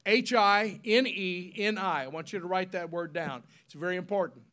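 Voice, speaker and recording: A man whose voice sits high delivers a sermon, pausing to spell important words slowly while the congregation echoes them. He moves between forceful, loud climaxes and quiet, solemn passages.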